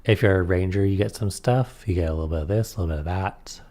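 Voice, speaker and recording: Speaking quickly in a warm, low-pitched voice, a man works through a tabletop game rulebook out loud. After reading the rules, he adds casual remarks about them.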